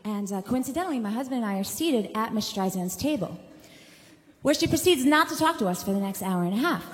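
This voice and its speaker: A woman from Long Island with a Long Island accent, a singer telling a comic anecdote to an audience, lively and self-mocking with chatty asides. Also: fairly high pitch, fairly quick, big-room sound. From Long Island, New York.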